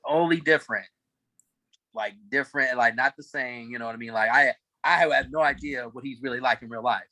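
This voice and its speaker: A man's voice: mid-range voice, fairly quick, pushed and bright, no echo, low-quality recording. A man co-hosting a casual TV show chat, rambling and hesitant, full of fillers and restarts. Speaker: podcast co-host.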